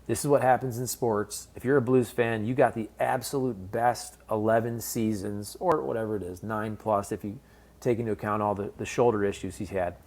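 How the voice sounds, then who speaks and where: A man's voice: on the low side, fairly even intonation, moderate pace, a little mellow. A man giving casual commentary on a hockey trade, talking candidly and directly to fans. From based in St. Louis. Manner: conversational, candid, fan-focused. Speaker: sports commentator.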